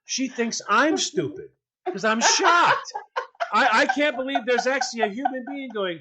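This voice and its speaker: A man's voice: very high voice, expressive, measured pace, pushed and bright. A man telling a comic story in casual talk, acting out other people's voices as he goes. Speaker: storyteller on a podcast.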